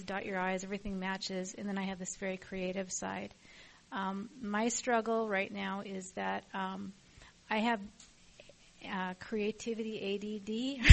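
A woman's voice: medium pitch, gravelly. A middle-aged woman sharing at a recovery meeting, earnest, open and emotional. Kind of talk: personal share at a support meeting.

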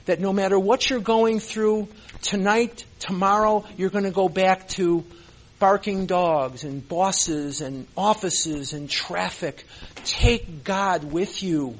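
Slow and high-voiced, this man addresses a recovery meeting with real passion. He's earnest and emotional, fighting back tears and repeating phrases to drive them home.

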